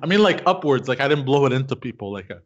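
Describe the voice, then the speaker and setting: A man telling a story on a podcast in a halting way, searching for words and laughing at himself. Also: medium pitch, animated, lo-fi sound. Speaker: podcast co-host. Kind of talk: casual storytelling.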